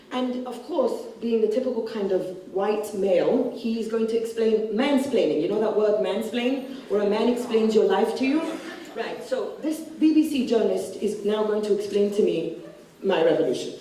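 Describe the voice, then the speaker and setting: A woman's voice: medium pitch, mellow. A woman author talking bluntly about her book onstage at a festival, acting out the people she quotes. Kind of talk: festival stage conversation. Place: large hall at a literature festival. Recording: echoey hall from far off.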